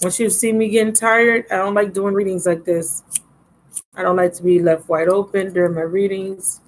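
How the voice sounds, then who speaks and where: This woman's mid-range voice holds a fairly even intonation at normal speed as she does a casual live tarot reading, chatting fondly with viewers and sounding a bit drowsy. Recorded on a laptop mic, the low-quality audio has a little hiss or hum.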